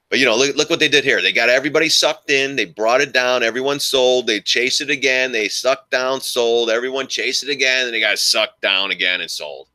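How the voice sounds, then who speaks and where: Low-voiced man chatting through live trades. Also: bright, forceful tone, no room sound. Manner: rambling, thinks aloud, addresses viewers as guys. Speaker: stock trading streamer. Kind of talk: casual live market commentary.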